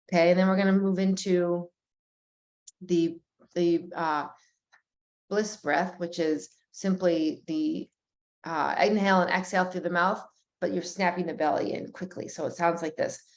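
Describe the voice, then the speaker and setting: A woman guiding a breathwork session, talking slowly and gently, pausing and restarting as she goes. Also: on the low side, steady tone. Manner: slow, gentle and soothing, with pauses and restarts. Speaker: breathwork guide.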